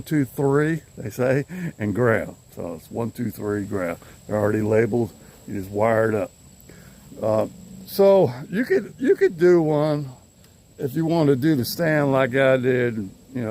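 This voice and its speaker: An older man vlogs casually to his handheld phone camera out in his yard, rambling easily and chuckling often. His voice is mid-range with a darkish tone.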